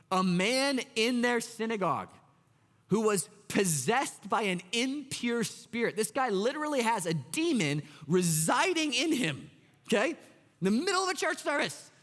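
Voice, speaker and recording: A man in his thirties, a pastor preaching a sermon in an excitable, conversational way and talking straight to the congregation. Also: high voice, unhurried. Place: church sanctuary. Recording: long church hall reverb.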